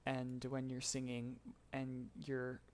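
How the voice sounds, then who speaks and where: A man explaining vocal tuning in a relaxed live-stream tutorial, chatting and laughing with his chat between explanations. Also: medium pitch, slow pace. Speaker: streamer teaching voicebank tuning.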